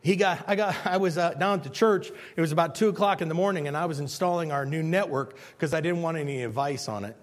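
A man's voice: fairly high pitch, quick pace, few pauses, in a large hall. A man pastor preaching a sermon, telling stories and emphatically repeating his key points.

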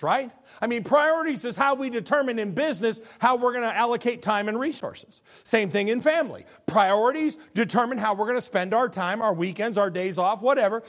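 A middle-aged male pastor delivering a sermon in a relaxed, conversational style. His slightly high voice rises and falls with lively swings as he questions the congregation and acts out the lines he quotes.

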